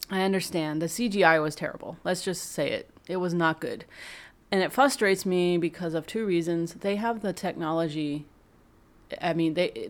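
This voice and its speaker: A woman giving a casual, excited fan review, rambling and emotional as she talks. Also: lowish voice.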